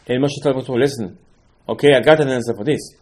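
A man's voice: medium pitch, fairly quick, a little mellow. A man delivers a Torah class as a dramatic sermon, with a mid-range voice. He retells the stories with conversational gusto, acting out the characters' lines. His delivery swings from soaring exclamations to near-whispered asides. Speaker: rabbi giving a Torah class. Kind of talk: animated Torah sermon with storytelling.

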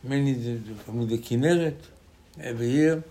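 A man's voice: mid-range voice, fairly even intonation, a little fast, darkish tone. A man, a rabbi giving an informal Torah class in choppy English with lots of repetition. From Israel. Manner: choppy non-native English with many repetitions.

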